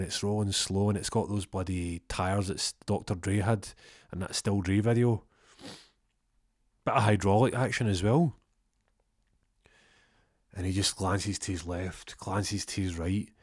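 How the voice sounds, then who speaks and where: Man, comic storyteller, rambling and sweary, low voice, dry close sound. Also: breathy edge, no echo. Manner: rambling, sweary, stumbling restarts.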